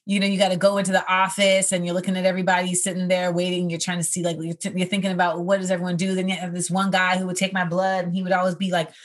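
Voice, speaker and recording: This comedian in her thirties speaks in a fairly low, monotone voice, rattling along rapidly with few pauses. She is hosting a podcast segment, spinning stories in a loose, conversational monologue peppered with "you know" and similar fillers.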